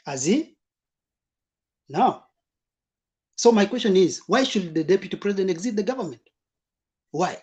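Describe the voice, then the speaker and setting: A man arguing his point loudly on a talk show, firing off rhetorical questions. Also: high voice, animated, moderate pace, pauses often. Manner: loud, insistent, rhetorical questioning. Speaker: caller. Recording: dull lo-fi sound.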